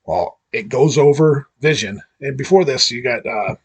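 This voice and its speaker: Husky-voiced man recapping casually. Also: mid-range voice, moderate pace. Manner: rambling, many fillers and restarts. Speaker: host.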